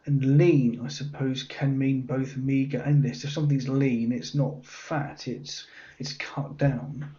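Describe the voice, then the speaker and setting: A man's voice: mid-range voice, little pitch movement, slow, mellow, a little hiss or hum. A man thinking aloud as he works through a cryptic crossword, musing and muttering the clues half to himself. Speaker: crossword solver. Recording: dull lo-fi audio.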